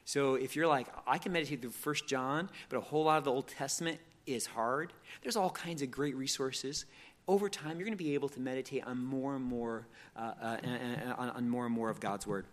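A man's voice: medium pitch, fairly quick, a bit bright. A man giving a conversational teaching on Bible meditation, often repeating words and restarting phrases.

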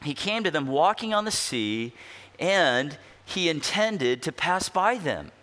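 A pastor delivering an expository sermon, asking rhetorical questions and slowing down to stress key words. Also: male voice, a little high, sing-song, sharp tone. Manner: emphatic, rhetorical questions, slows down for weight.

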